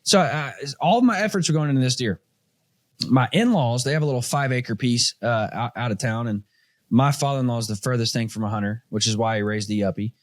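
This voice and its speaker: A man's voice: medium pitch, brisk, no echo, clean studio sound. A man hosting a podcast, telling a hunting story in casual chat and acting out other people's voices as he goes. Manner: animated storyteller, acts out quoted voices. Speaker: podcast host.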